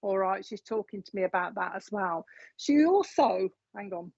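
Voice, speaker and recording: A woman's voice: medium pitch, animated, normal speed, creaky, darkish tone, no room sound. Chatty woman giving readings. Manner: chatty, repeats messages from spirit. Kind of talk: live mediumship reading, casual chat. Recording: dull, dry lo-fi sound.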